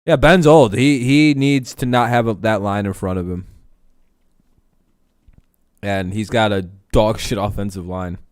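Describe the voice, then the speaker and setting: Blunt, foul-mouthed man with a smooth voice. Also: lowish voice, unhurried, pauses often, no room sound, studio quality. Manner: blunt, profane, rambling. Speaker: host. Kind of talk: casual sports talk stream.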